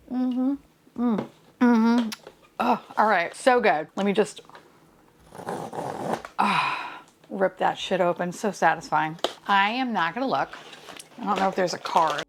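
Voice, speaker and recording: A woman's voice: medium pitch, a little slow, pauses often, background noise. A woman, chatting casually while unboxing blind boxes, gushing, swearing freely and giggling often.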